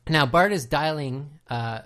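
Man, podcast co-host, casual commentary, detailed explainer, lots of pauses and fillers. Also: fairly high pitch, bright, forceful tone. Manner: explanatory, trivia-packed, with many hesitations.

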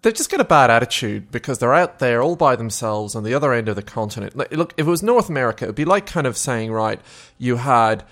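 A man's voice: mid-range voice, expressive, fast talker, hardly any pauses, fairly bright tone. A man with an Australian accent, co-hosting a podcast in casual, playful chat, jokingly exaggerating and tripping over his words. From Melbourne, Australia. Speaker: podcast co-host.

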